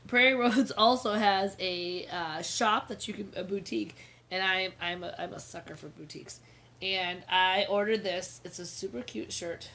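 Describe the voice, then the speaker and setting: A woman's voice: medium pitch, steady tone, moderate pace, fairly bright tone, slight background noise. A woman in her thirties co-hosting a casual chat show, telling stories in a chatty way and laughing often. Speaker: podcast co-host.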